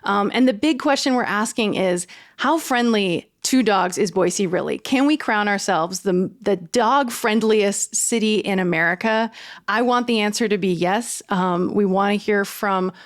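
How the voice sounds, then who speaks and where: A woman's voice: medium pitch, a little slow. A woman producer co-hosting a local podcast, earnest and chatty, with many ums and uhs. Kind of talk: casual show announcement.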